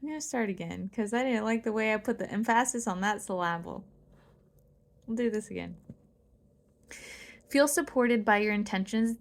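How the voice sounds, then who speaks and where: A woman reading aloud her own spiritual writing in a soft, musing way. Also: mid-range voice, normal speed, gravelly, pauses often. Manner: soft-spoken, musing, laughs at herself. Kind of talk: reflective spiritual monologue.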